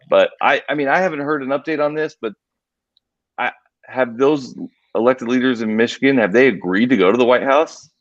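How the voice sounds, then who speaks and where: A man on a podcast, explaining politics in a measured, hedging way, with restarts. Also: lowish voice, no echo. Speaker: guest. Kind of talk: podcast discussion. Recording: dull lo-fi remote audio.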